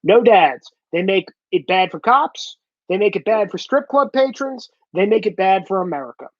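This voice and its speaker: A man's voice: high-pitched, lively intonation, moderate pace, dry recording. Man alone in a room, heated profane rambling rant, muffled dry recording. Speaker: solo vlogger. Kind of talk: ranting monologue. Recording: dull lo-fi, dry.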